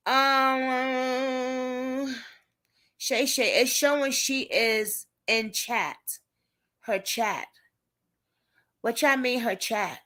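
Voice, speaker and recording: This woman's high voice is extremely slow, with frequent pauses. Hosting a casual livestream as an advocate, she chats animatedly with viewers, reacting to what she reads and speaking straight to them.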